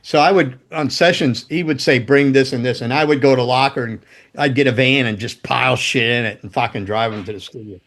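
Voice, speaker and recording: A man's voice: mid-range voice, a little fast, fairly bright tone. A man telling casual stories as a guest, a former guitar tech and roadie who swears freely, laughs as he goes, and acts out other people's lines. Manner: loose and profane, laughs mid-story, acts out quotes. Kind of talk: casual anecdotal storytelling.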